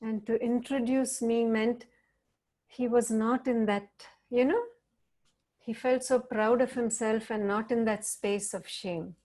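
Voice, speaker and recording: A middle-aged woman, a counselor gently guiding listeners through a mindfulness exercise on a video call. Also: on the high side, fairly even intonation, slow pace. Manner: gentle, reflective, guiding with soft prompts. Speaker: counselor leading a wellness talk. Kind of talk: guided mindfulness session over video call.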